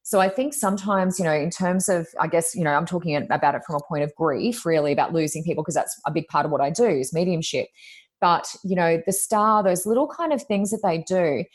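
A woman's voice: fairly low pitch, brisk. A woman, a psychic medium, chatting in an interview with many fillers, acting out what people said. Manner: chatty, lots of "you know" fillers, acts out quotes. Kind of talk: casual interview storytelling.

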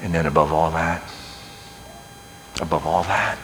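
A man in his sixties preaching a sermon, folksy and joking, swinging from shouting to hushed near-whispers. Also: extremely low pitch, level tone, a little slow, slight background noise.

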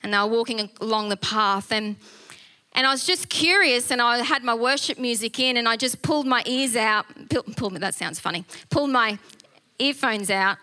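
Bright high-voiced woman telling a story. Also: moderate pace. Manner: animated, laughs often, many fillers and restarts. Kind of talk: casual storytelling testimony.

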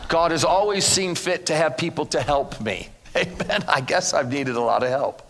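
A man preaches to a congregation in church, telling stories and playing each part. His voice sits high and sounds bright and forceful. He is animated throughout. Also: moderate pace, long reverb tail, a little hiss or hum. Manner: animated, acts out dialogue. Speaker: guest minister. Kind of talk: sermon with storytelling.

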